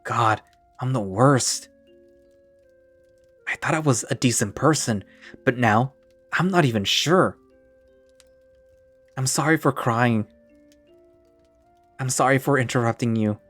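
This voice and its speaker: A young man weighed down by shame, his thoughts halting and self-reproaching, as a male narrator plays him. The recording is dry, with faint music under it. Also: medium pitch, a bit bright, no echo. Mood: guilty. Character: guilt-ridden young man, unsure and ashamed. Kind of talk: one-man audio drama.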